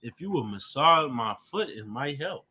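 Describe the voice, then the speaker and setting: Playful guy on a live stream, bright voice, joking and laughing. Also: medium pitch, lively intonation, normal speed, husky. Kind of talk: casual live-stream chat.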